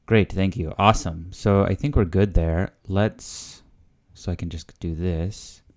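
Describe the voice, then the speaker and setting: Casual host, low mellow male voice, hesitant learner thinking aloud. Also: steady tone, measured pace. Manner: hesitant, full of fillers and guesses. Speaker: language learner hosting a video series.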